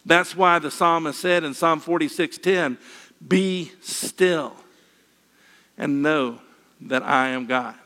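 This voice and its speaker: Older male preacher, folksy and lightly humorous, slightly high voice, reverberant hall. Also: takes it slowly. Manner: folksy, with gentle humor and repeated phrases. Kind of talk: sermon.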